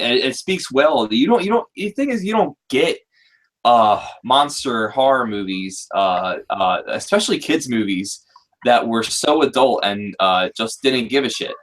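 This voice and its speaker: A man's voice: mid-range voice, expressive, unhurried, a bit bright. A man in his thirties hosting a casual group talk, rambling with many fillers and restarts. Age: 30s. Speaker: podcast host.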